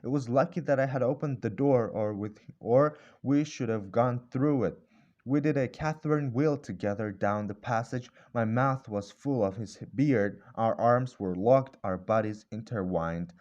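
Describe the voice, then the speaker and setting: A man narrating a classic novel as an audiobook in measured storytelling. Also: mid-range voice, a little mellow, dull audio. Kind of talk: scripted narration.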